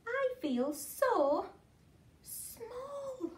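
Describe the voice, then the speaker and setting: A woman voicing a tiny, brave female sea snail in a high, earnest storybook voice. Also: sing-song, very slow, a little mellow, full character voice. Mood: awed. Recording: echoey room, away from mic.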